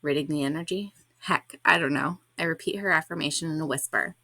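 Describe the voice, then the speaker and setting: A woman's voice: sits low, a little fast, bright, forceful tone, dry recording. A woman podcast host reading her own blog post aloud in a candid, reflective and slightly awkward way.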